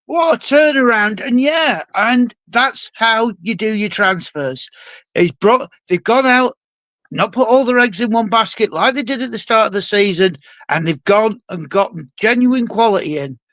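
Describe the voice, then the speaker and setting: A man with a notably high voice chats about football on a podcast, exuberant and jokey with theatrical asides. His voice is recorded dry and close, with no room sound. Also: expressive, moderate pace, fairly bright tone, no echo. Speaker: podcast co-host. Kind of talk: casual football podcast chat.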